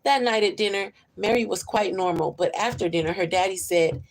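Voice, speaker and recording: A woman reading a children's book aloud in a gentle, even storyteller's manner, with small slips. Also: medium pitch, brisk.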